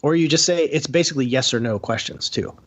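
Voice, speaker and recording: A man giving casual film commentary as a podcast guest, animated and rambling with many fillers and restarts. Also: medium pitch, fast.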